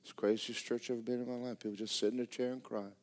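A man preaching a sermon, swinging from loud, excited storytelling to low, hushed tones. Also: rapid-fire. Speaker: pastor. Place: church sanctuary.

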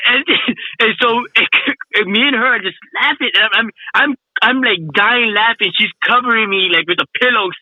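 A man's voice: very high voice, moderate pace, hardly any pauses, bright, forceful tone, breathy edge, dry recording, highs cut off. A man telling a funny story in casual chat, laughing a lot, slangy and swearing often.

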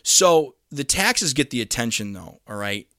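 A man's voice: medium pitch, unhurried, no echo, studio quality. Chatty man giving a history lecture. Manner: conversational, many fillers and restarts, lively emphasis. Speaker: history teacher. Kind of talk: casual lecture.

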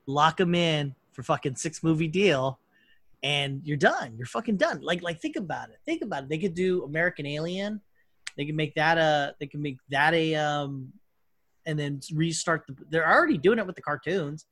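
A man's voice: fairly high pitch, expressive, a bit bright, dry recording. A man hosting a casual podcast chat, rambling and swearing freely, often restarting his sentences. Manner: rambling, profane, with quick restarts. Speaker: podcast host.

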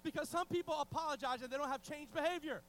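A man preaching a sermon in a strikingly high voice, excitable and full of restarts. He shifts between loud outbursts and near-whispers. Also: quick pace, slight background noise, rough recording. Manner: excitable, restarts often, swings from shouting to hushed.

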